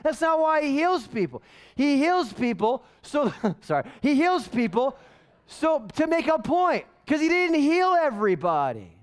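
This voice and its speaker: A male pastor preaching a sermon in an animated, conversational way full of rhetorical questions. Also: very high-pitched, unhurried.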